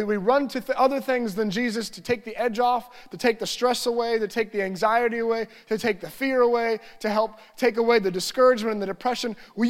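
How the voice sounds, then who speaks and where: A man preaching a sermon as pastor, earnest and repetitive, building lists of phrases and slipping into quiet prayerful reading. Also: very high-pitched, in a large hall.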